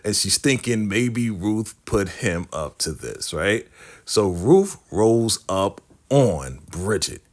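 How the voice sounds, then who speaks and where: Lively man recapping a TV episode. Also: on the low side, slow pace. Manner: animated, acts out the characters' lines. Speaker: TV recap host. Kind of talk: casual recap vlog.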